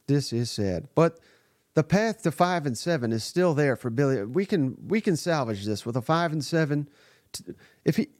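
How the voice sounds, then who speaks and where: A man's voice: mid-range voice, darkish tone, no echo, studio quality. A man hosting a live sports reaction podcast, giving blunt, exasperated and profane commentary. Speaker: podcast host.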